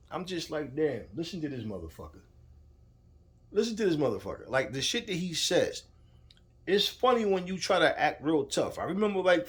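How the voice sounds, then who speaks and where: Brief man, boxing commentator, angry off-the-cuff rant, cursing, mid-range voice. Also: mid-range voice. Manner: heated, profane, repetitive, talks straight at the subject. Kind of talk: casual ranting commentary.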